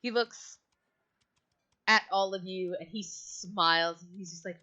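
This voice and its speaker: Bright-voiced woman game master. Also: medium pitch, steady tone, moderate pace. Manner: casual, hesitant fillers. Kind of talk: narrating a tabletop game. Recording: dull lo-fi mic.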